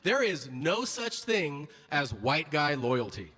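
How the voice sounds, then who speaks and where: High, lively stand-up comedian man. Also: slow pace. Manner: animated storytelling, acts out characters, profane. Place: stage before a laughing audience. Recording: noisy live show recording.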